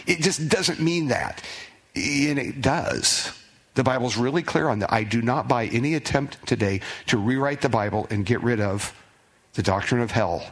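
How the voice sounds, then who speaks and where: Conversational man preaching a sermon. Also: mid-range voice. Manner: conversational preaching, rises when reading scripture aloud. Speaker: pastor. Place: church sanctuary.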